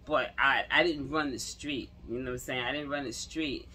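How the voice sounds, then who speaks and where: A woman, telling stories to camera in a slangy, animated way and acting out what people said. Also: extremely low pitch, normal speed, breathy edge. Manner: animated, slangy, laughs and acts out quotes. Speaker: vlogger. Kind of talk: casual storytelling to camera.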